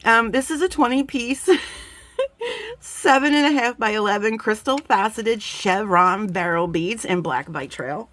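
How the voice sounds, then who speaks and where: A woman's voice: fairly high pitch, lively intonation, a little slow, a bit bright. A woman hosting a casual bead unboxing, bubbly and gushing, who rambles off into side stories before pulling back to the beads. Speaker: bead box unboxing host.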